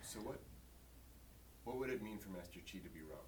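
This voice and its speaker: Man in audience, measured hesitant question, very low voice, faint noise. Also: expressive, a little mellow. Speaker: audience member.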